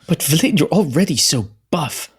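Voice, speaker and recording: A man's voice: a little high, sing-song, unhurried, slightly rough. A man taking part in a tabletop game, teasing and giggly in his in-character banter. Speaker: player.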